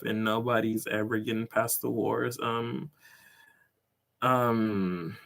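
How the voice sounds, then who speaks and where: A man's voice: on the low side, gravelly, fairly bright tone. A young man, a teacher working abroad, telling stories in a casual vlog, rambling and filling his talk with "like" and "um", with chuckles along the way. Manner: rambling, filler-heavy, full of "like" and "um".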